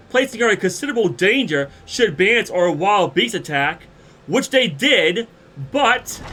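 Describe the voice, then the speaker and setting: A man's voice: high-pitched, pushed and bright, voice pushed up, heavily acted. A man with a cold voicing a pompous, flamboyant old nobleman. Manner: pompous and indignant. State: congested with a cold.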